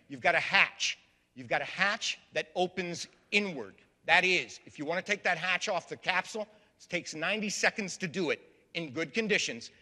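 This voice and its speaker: A man's voice: high-pitched, pushed and bright. A man giving a public history lecture to a live audience, storytelling and calling them folks. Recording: long reverb of a large hall.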